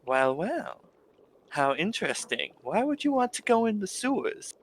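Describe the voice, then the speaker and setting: A man's voice: sits high, big pitch swings, moderate pace, slight background noise, pitched above the performer's own voice, rough recording. Flirtatious cat-folk madam, sultry and teasing, a man doing her voice. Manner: purring, teasing, coy.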